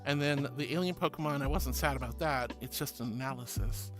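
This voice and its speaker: A woman's voice: very deep voice, brisk, faint music behind. A woman streamer chatting casually and reading her chat aloud, playful and teasing, with mock protests. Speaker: VTuber streamer.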